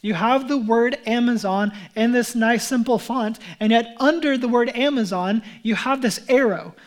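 Chatty pastor preaching a relaxed sermon. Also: male voice, very high-pitched, moderate pace. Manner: relaxed and chatty, with frequent fillers and restarts; addresses the congregation as beloved. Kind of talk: conversational sermon.

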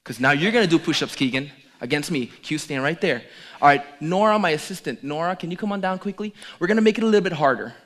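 A middle-aged man preaching as a pastor, joking playfully with the congregation during a lively demonstration. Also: a little high, fast. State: out of breath at times. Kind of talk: lively sermon with audience demonstration.

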